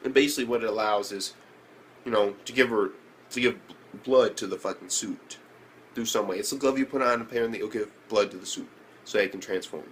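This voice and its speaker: A young man reviewing an anime episode in casual speech, slangy and profane, who keeps jumping up in pitch when he reacts. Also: fairly quick, a little hiss or hum.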